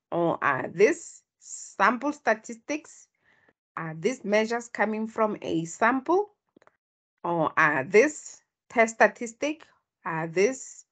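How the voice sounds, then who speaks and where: Husky female stats tutor, low-pitched, slow and deliberate, prompting her class. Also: a bit bright. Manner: explains step by step, prompts students to respond. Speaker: statistics tutor. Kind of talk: online tutorial.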